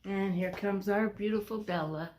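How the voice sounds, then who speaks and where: A woman vlogging a personal update to her viewers on a phone camera. She is short of breath, halting, and restarts often. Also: mid-range voice, darkish tone, a little hiss or hum. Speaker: vlogger sharing a health update. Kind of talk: casual talk to camera.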